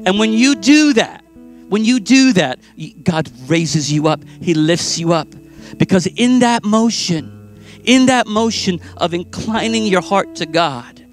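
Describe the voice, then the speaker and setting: A pastor preaching a sermon with passion, moving between loud, urgent lines and hushed ones. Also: male voice, sits high. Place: church sanctuary.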